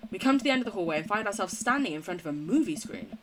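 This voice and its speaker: Racing through her words, a young British woman streams a game, reading its text out and chatting with her chat between lines while giggling and casually swearing. Her animated voice is medium-pitched, with slight background noise.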